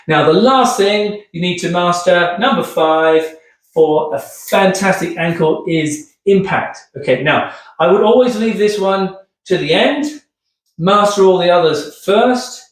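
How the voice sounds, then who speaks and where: A man's voice: high-pitched, unhurried. A man demonstrating rehab exercises in an upbeat, chatty way, keeps asking okay, getting out of breath. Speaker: physio instructor. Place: room with hard floor. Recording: echoey room, distant mic.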